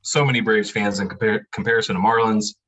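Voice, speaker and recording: Podcast guest: easygoing man with a lowish voice, wry and rambling. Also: fairly even intonation, fast talker, fairly bright tone, rough recording. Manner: laid-back, wry, rambling with many fillers. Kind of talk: casual podcast chat.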